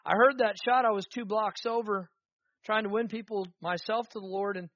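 A man's voice: high-pitched, fairly even intonation, normal speed, a bit bright, no room sound, dull audio. A man preaching a sermon as pastor, with rising fervor and repeated emphatic phrases.

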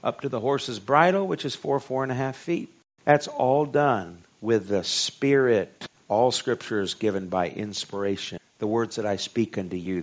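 A man with a Southern US accent preaching a sermon. He reads scripture slowly and emphatically, then jokes in a casual way. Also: lowish voice. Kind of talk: sermon Bible study. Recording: dull lo-fi recording.

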